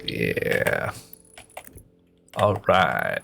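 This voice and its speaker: A man's voice: rumbling low, huge pitch swings, extremely slow, vocal fry, sharp tone, soft background music. A man streaming a game, chatting playfully and teasingly with his viewers and muttering to himself as he works. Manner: talks to himself while working. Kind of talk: casual live-stream chat while playing.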